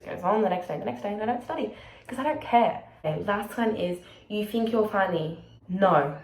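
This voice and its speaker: A woman's voice: mid-range voice, expressive, darkish tone. A young woman with an Australian accent, chatting frankly and rambling to camera in a vlog. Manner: rambling, frank and sweary, shifts into quick put-on voices. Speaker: vlogger. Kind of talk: casual chat to camera. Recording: echoey room with faint background noise.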